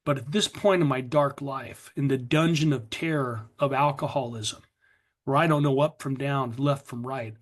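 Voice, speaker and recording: A man's voice: medium pitch, normal speed. Earnest middle-aged man telling his story. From USA. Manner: earnest, confessional storytelling, acting out his past self. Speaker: speaker sharing his recovery story. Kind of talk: personal testimony at a recovery meeting.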